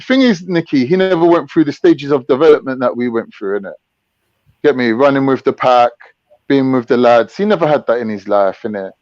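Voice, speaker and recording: A man's voice: mid-range voice, darkish tone, dry recording. A man hosting a casual chat, ranting and mocking in crude slang. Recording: dull, dry lo-fi mic.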